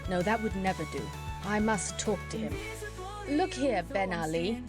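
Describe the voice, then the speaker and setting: A woman voicing a polite, gentle male animal doctor. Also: medium pitch, lively intonation, moderate pace, loud music behind the voice, close to an everyday voice. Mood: uneasy. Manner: gentle, courteous. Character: kind, polite middle-aged animal doctor.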